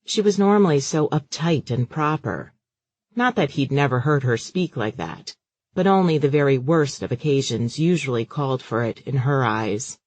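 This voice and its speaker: A man narrating a romance audiobook in a measured, even storytelling manner. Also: medium pitch, no room sound.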